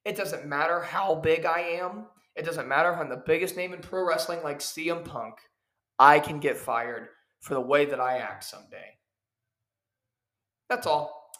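A man's voice: fairly high pitch, normal speed, a bit bright. A man hosting his own podcast as a professional wrestler, lecturing in a heated, preachy way and hammering his points over and over. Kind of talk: ranting solo podcast. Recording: echoey room.

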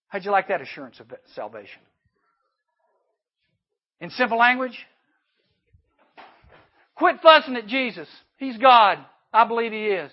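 High-voiced man preaching, lo-fi. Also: unhurried, long pauses. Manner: animated, emphatic storytelling with sudden drops to a hush. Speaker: youth camp speaker. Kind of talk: sermon.

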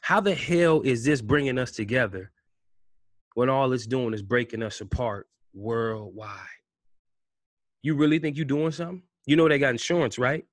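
Man, vlog rant, mid-pitched, heated rhetorical delivery, close dry mic. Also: normal speed, no room sound. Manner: heated, rhetorical questions, swings between loud outbursts and low mutters. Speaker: vlogger. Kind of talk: impassioned commentary rant.

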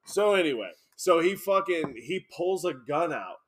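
A man with a high voice that leaps all over the place as he tells a story. He talks in loose casual chat, swearing freely and laughing between phrases, full of energy. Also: normal speed. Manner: animated storyteller, swears a lot, laughs often.

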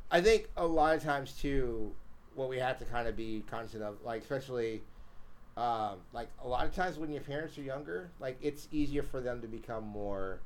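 A man's voice: mid-range voice, moderate pace, low-quality recording. A man in his thirties in a casual podcast chat, rambling, repeating phrases and laughing through his stories. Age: 30s.

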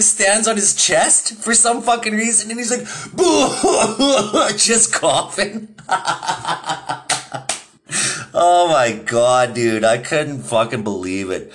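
A man's voice: mid-range voice, a bit bright. A young man hosting his own podcast, telling a rambling, profane story in casual chat and laughing often. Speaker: podcast host.

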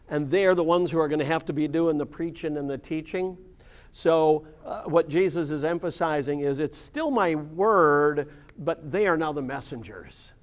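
A man's voice: a little high, darkish tone. A man leading an informal Bible study class, explaining scripture conversationally and often checking in with the group. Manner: conversational, keeps checking in with "right?" and "yeah".

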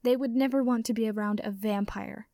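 A woman's voice: on the high side, fairly even intonation, fairly quick, warm tone, no room sound, clean studio sound, natural voice. A woman reading the lines of a scornful, defensive young male vampire in a sarcastic, sneering manner.

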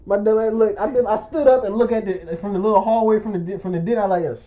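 A man telling a rambling, animated story in casual chat, acting out quotes and often laughing. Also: sits high, quick pace, muffled recording.

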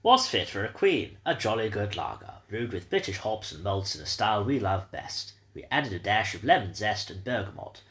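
A man's voice: fairly low pitch, very animated, normal speed, hardly any pauses, a bit bright. A man putting on a posh upper-class English voice to read out tasting notes on a podcast. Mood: plummy, grand. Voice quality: plummy, pompous.

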